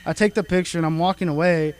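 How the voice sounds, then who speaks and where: Young male comic, nineteen, high voice, casual and profane open-mic delivery. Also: steady tone, quick pace. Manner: casual storytelling, heavy filler and profanity. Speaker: stand-up comedian. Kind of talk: open mic stand-up set. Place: comedy club stage. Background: audience laughter.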